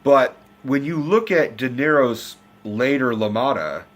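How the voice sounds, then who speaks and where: A man from the United States giving a loud, profane, rambling movie review in a casual rant. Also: mid-range voice, a little slow. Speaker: film reviewer.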